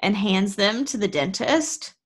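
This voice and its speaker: A woman's voice: medium pitch, unhurried. A woman playing a tabletop game, narrating her character's actions in a playful way. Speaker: player. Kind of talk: tabletop role-play narration.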